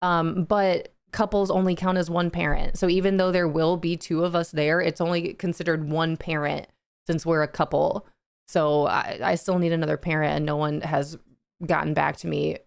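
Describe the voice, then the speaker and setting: A woman's voice: low-pitched, level tone, normal speed, gravelly, clear, resonant tone. A young adult woman streaming live, chatting casually with her viewers, greeting them by name and laughing often.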